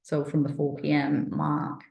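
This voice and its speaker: A woman's voice: deep voice, completely flat delivery, a little slow, gravelly, dark tone, echoey room. A middle-aged woman casually recounting a personal experience, chatty and rambling, with many fillers and restarts, sounding thirsty and dry-mouthed. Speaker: wellness vlogger.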